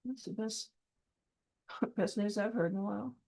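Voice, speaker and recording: A woman's voice: mid-range voice, a little slow, creaky, warm tone, breathy edge, low-quality recording. A woman organizing a film event, thinking aloud as she works and mumbling half-finished counts to herself. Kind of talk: thinking aloud while working.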